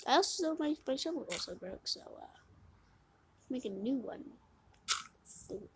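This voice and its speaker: Woman, fairly high voice, casual let's-play commentary, mumbled self-talk, loud dramatic outbursts, phone mic, faint hiss. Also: expressive, slow pace. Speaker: game video creator. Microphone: phone microphone during screen recording.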